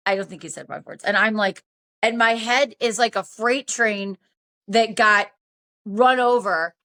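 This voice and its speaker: A woman's voice: medium pitch, unhurried. A woman in her fifties, a podcast host telling a story in casual chat and acting out the dialogue. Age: 50s. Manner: animated, acts out quoted dialogue.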